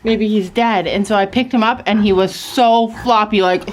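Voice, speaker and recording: On a handheld camera, a farm vlogger in her thirties giggles and chats casually to her audience while working outdoors in a snowy pen. She has a medium-pitched voice with fairly even intonation and a normal pace, and there's slight background noise.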